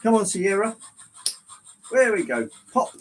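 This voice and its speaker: Middle-aged male livestream host, fairly high-pitched, chatty and exclamatory, casual hobby-room talk. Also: sing-song, a little slow, poor audio. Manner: chatty, exclamatory, reads chat aloud. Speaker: livestream host showing model trains. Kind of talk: casual live chat with viewers. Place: indoor hobby room with layout.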